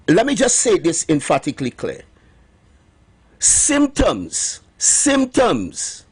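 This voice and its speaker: A middle-aged man with a Trinidadian accent hosting morning radio talk, emphatic and repeating his points slowly. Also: on the high side, slightly rough. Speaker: radio host promoting herbal remedies.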